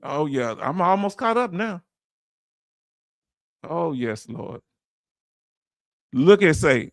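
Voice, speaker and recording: A man hosting a casual livestream, reading chat messages aloud with animated, laughing energy. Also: a little high, slow, pauses often, no room sound, studio quality. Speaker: livestream host.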